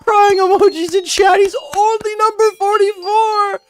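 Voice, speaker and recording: A woman voicing a self-pitying grown man streamer, wailing and mock-crying in a drawn-out whine. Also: extremely high pitch, little pitch movement, soft background music, pitched above the performer's own voice. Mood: mock sobbing. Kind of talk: mocking impression in a commentary video.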